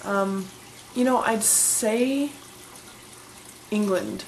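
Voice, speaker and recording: A woman's voice: mid-range voice, extremely slow, vocal fry, a little hiss or hum, low-quality recording. A young woman in her twenties, chatting casually and enthusiastically as she answers questions in a vlog. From Colorado, USA. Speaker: vlogger.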